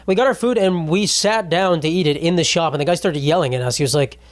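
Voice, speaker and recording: A young man in his twenties rambles through a casual solo podcast, swearing freely and tacking "bro" onto his jokes. His voice sits a little high. The sound is close and dry, with no room around it. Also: fast, dry recording. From United States. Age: 20s. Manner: rambling, profane, jokey, trailing off with "bro" and "dude". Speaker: podcast host.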